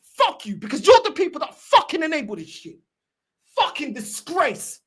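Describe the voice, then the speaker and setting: A woman's voice: high-pitched, very animated, moderate pace. A woman, ranting angrily and scornfully as a football fan streamer. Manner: angry, sweary, scornful ranting.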